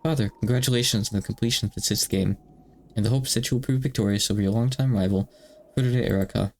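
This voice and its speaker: A man's voice: fairly low pitch, quick pace, darkish tone, close to an everyday voice. A man voicing a timid, polite, newly born young witch girl while reading a visual novel aloud. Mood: earnest.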